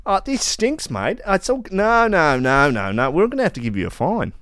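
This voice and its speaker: A man's voice: on the high side, sing-song, moderate pace, a bit bright, no room sound, studio quality, pitched above the performer's own voice. A man voicing a blunt male Australian border officer who scolds travellers in a put-on Australian accent, repeating "no, no, no". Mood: exasperated scolding. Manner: exasperated, repeats no no no.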